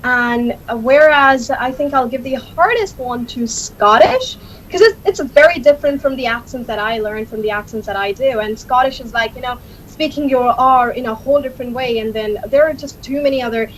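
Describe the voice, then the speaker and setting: A woman's voice: fairly high pitch, normal speed, slight background noise, rough recording. A woman from India, answering interview questions chattily with many fillers and restarts. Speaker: guest, accent learner.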